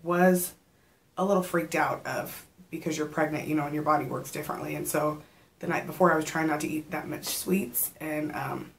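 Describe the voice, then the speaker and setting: A pregnant woman in her thirties tells stories in a relaxed home vlog, with a low, gravelly voice that often slips into vocal fry. She chats casually and animates her quoted asides, and she gets short of breath at times. Faint room noise sits under her voice. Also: normal speed. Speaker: vlogger.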